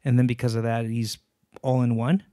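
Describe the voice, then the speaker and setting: A man co-hosting a podcast who explains his views earnestly and at length, slowing down to stress his points. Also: mid-range voice, level tone, dark tone, no room sound, studio quality. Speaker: podcast co-host. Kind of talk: casual chat.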